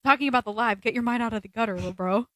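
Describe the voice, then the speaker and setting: A woman co-hosting a casual podcast stream. She talks in an animated, storytelling way and slips into other people's voices when she quotes them. Her voice sits fairly high and sounds dry and close to the mic. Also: racing, no room sound. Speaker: podcast co-host. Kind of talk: casual chat on a livestreamed podcast.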